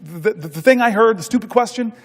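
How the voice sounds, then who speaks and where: Middle-aged male senator, high voice, storytelling on the floor, halting delivery, echoing hall. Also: lively intonation. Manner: halting, repeats words, folksy anecdotes. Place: large legislative chamber. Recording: long reverb of a large chamber.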